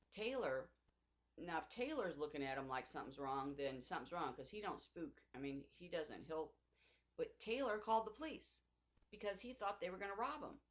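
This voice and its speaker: Middle-aged woman rambling through a faith vlog, emotional, lowish voice. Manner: rambling, emotional, many restarts and asides. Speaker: Christian vlogger. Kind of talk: personal faith vlog monologue.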